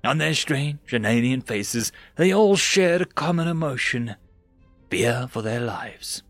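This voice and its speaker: A man's voice: mid-range voice, measured pace, no echo, soft background music. A man narrating a science fiction story dramatically, rising and dropping his voice for effect. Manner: expressive, rises and drops for drama.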